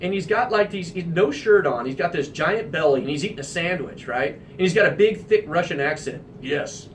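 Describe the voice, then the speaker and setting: High-voiced man hosting a talk radio show. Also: brisk, far from the mic, slight background noise. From Midwestern United States. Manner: animated, emphatic anecdote telling.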